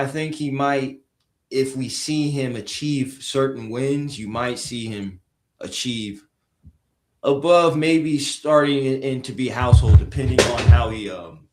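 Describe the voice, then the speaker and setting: A man rambling on a podcast panel, pausing often on "um" as he works his points out. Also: medium pitch. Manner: rambling, frequent "um". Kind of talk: casual sports chat. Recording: roomy echo.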